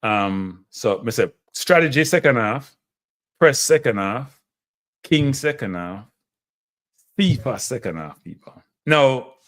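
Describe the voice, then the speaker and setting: A man with a Jamaican accent hosting a live stream, talking football in an excitable, emotive way and laughing often. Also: mid-range voice, slow pace.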